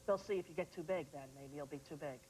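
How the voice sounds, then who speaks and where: A middle-aged woman hosting a studio talk show, playful and animated, slipping into silly voices. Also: sits low, fast, slight background noise, poor audio.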